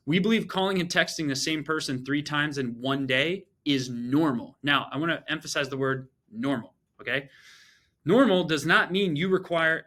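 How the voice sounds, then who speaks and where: A man's voice: mid-range voice, bright, forceful tone. A man giving a sales training talk as a coach, emphatic and punchy, often checking in with "right?" and "okay?". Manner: acts out short sales lines while teaching.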